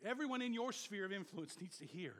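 A male pastor preaching a sermon in an animated way, swinging from loud exhortation to low murmurs and prompting the congregation to repeat words after him. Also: brisk, long reverb tail.

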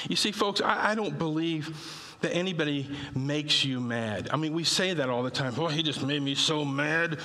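Male preacher, slightly high, bright voice, folksy with emphatic peaks, long hall reverb. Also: moderate pace. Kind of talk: sermon.

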